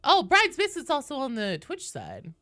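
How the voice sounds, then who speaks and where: A woman's voice: high-pitched, wildly swooping pitch, moderate pace, sharp tone, no room sound, studio quality. A young woman streaming a game, chatting casually and upbeat with viewers, swearing now and then and greeting people by name.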